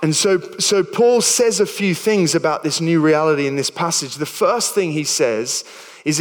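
A man's voice: a little high, animated, normal speed, in a large hall. A man in his thirties with an Australian accent, preaching a sermon in a chatty, stumbling way with self-deprecating jokes. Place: church hall.

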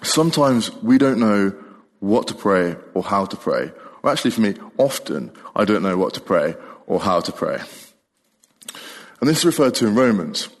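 A man's voice: fairly low pitch, expressive, normal speed, big-room sound. A young man preaching a sermon in a casual, chatty way, often laughing as he talks. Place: church.

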